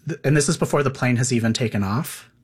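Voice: medium pitch, fast, husky. Curious interviewer asking follow-ups. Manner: curious, probing follow-up questions. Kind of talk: conversational interview.

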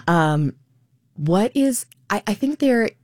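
A woman's voice: medium pitch, lively intonation, takes it slowly, darkish tone, no room sound, clean studio sound. A woman in her thirties, a stage actor, talking expressively in a radio interview and acting out quoted asides.

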